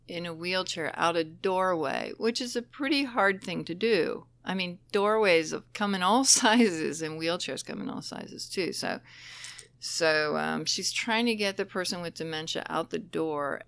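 A woman who trains dementia caregivers, telling stories conversationally, lively and emotional, often laughing as she talks. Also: fairly low pitch, gravelly. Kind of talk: conversational storytelling.

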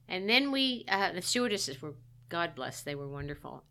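A woman's voice: lowish voice, big pitch swings, normal speed, sharp tone. A middle-aged woman, a guest, recounting a personal story in a candid, wry, self-deprecating way.

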